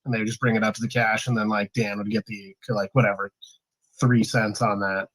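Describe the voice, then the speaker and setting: A man from Canada telling lively anecdotes in a casual chat. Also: fairly low pitch, brisk. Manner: animated anecdote telling, laughs easily.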